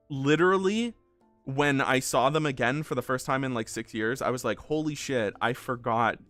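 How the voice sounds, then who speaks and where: Man, streamer, casual chat, rambling, self-deprecating, swears a lot, mid-pitched voice, faint music behind. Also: a bit bright, clean tone, no echo.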